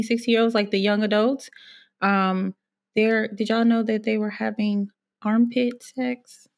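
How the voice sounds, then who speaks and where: Hesitant chatty woman hosting. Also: medium pitch. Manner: hesitant, drawn-out, with many fillers. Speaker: podcast host. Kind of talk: casual chat.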